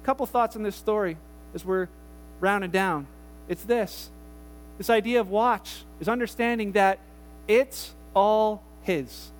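A man pastor preaches in a relaxed, conversational way, weaving casual asides into his retelling. His voice sits very high for a man, and he keeps the story lively. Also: unhurried, big-room sound, slight background noise. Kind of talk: conversational sermon.

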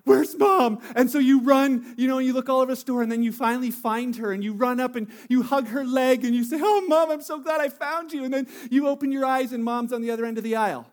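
High-voiced joking man preaching. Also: level tone, quick pace, hardly any pauses, a little mellow. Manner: chatty, joking, many fillers and restarts. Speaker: pastor. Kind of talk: sermon with stories.

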